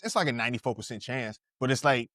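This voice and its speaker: A man's voice: mid-range voice, expressive, fast talker, fairly bright tone, dry recording, clean studio sound. A man in his thirties, a podcast co-host, telling stories in casual chat with slang, laughter and frequent restarts.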